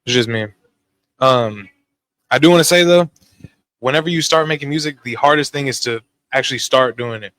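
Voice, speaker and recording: A young man, a guest musician, telling stories on a podcast in a quick, animated way and often checking in with "right?". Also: medium pitch, rough recording. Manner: fast, animated storytelling with frequent "right?" tags. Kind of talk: casual podcast chat. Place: live-streamed podcast studio.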